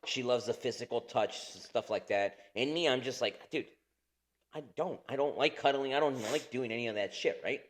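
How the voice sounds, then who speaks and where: A man's voice: mid-range voice, moderate pace, a little hiss or hum. Man, 30s, podcast co-host, casual chat, heavy swearing, rambling, frequent laughs. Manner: profane, rambling, laughs often.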